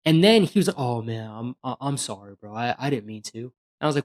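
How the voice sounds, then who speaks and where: A man's voice: mid-range voice, quick pace. A straight-talking man recounting a patrol story on a podcast. He talks bluntly and casually. He slips into other people's voices as he retells what they said. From USA. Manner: blunt, animated retelling with acted-out quotes. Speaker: police officer guest.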